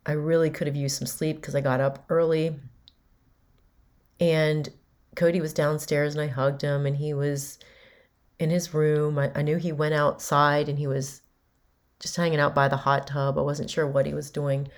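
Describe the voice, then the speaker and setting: Low-voiced woman telling a personal story. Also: flat delivery, unhurried. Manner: candid, emotional retelling with quoted dialogue. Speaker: podcast host.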